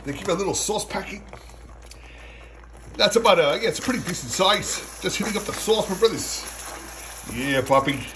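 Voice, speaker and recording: Excitable man cooking on a phone. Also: high-pitched, normal speed, pauses often. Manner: excitable, laughs often, keeps calling viewers brothers and puppy. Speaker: food vlogger. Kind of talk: casual cooking and tasting vlog. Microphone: phone camera. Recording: noisy kitchen with frying. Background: food frying.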